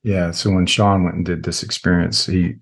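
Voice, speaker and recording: Low-voiced middle-aged man telling a story. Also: little pitch movement, normal speed, vocal fry. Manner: rambling, heavy with filler words. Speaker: podcast guest, military veteran. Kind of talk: casual interview storytelling.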